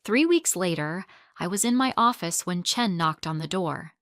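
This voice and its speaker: A woman calmly narrating a first-person drama story in a measured way. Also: on the low side, no room sound, studio quality.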